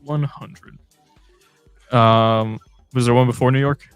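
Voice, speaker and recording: A man's voice: medium pitch, fairly even intonation, slow pace, smooth, no room sound, soft background music. A man hosting a casual fan livestream, reading chat comments aloud in a chatty, scattered way.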